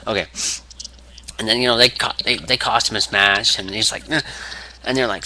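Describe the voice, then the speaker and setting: A man's voice: mid-range voice, moderate pace, pauses often, pushed and bright, slight background noise, low-quality recording. A young man rambling through a fantasy wrestling booking idea, with many restarts, acting out quotes. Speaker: wrestling fan video maker.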